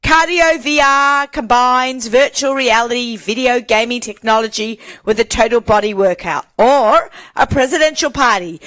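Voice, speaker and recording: A woman co-hosting a live charity auction stream, chatting excitedly and reading a prize list into a phone. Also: high-pitched. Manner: excited, giggly, reads prize list aloud.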